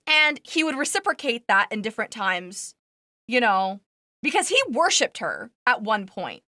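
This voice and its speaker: Woman streamer, casual chat; high, bright, rambling voice with lots of fillers and laughs. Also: very animated, normal speed, no echo, studio quality. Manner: rambling, filler-heavy storytelling; laughs as she talks.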